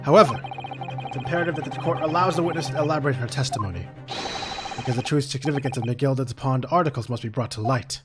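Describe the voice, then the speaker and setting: An earnest young defense lawyer speaks with quiet resolve, read by a man close to his everyday voice. Game music plays clearly behind. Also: medium pitch, fast talker, close to an everyday voice. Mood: determined. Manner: earnest, determined.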